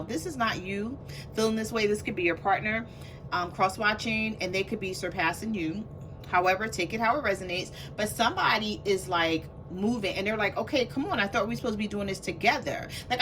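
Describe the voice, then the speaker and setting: A woman's voice: medium pitch, fairly bright tone, slight background noise. A woman giving a casual tarot reading to her viewers, chatty, laughing often and acting out what people might say. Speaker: tarot reader.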